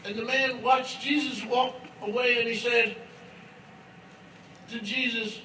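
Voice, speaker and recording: Folksy older man giving a slow speech. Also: extremely high pitch, steady tone. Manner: folksy storyteller, teasing the audience. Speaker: commencement speaker. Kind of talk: humorous commencement speech. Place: large commencement hall. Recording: echoey hall, distant mic, crowd noise.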